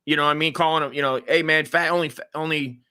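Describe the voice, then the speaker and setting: A bright, high-pitched man spins a rambling comedy-podcast story, stumbling and restarting as he goes. He jumps into quoted voices along the way. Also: steady tone, fast, smooth. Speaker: podcast co-host.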